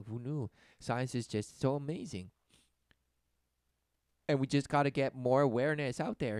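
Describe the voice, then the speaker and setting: A man delivering a mocking sermon rant, often mimicking others in high, sarcastic voices. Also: normal speed, a little mellow, clear, resonant tone, no room sound, studio quality. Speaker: preacher.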